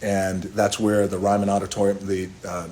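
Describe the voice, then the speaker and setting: A middle-aged man from Hawaii telling a long personal story in a relaxed, rambling way on a phone live stream, stopping for toasts and asides. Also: sits low, normal speed.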